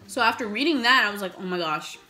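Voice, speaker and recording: A young woman vlogger telling a storytime while eating, animated, swearing often and acting out the messages she got. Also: mid-range voice, fast, faint music behind.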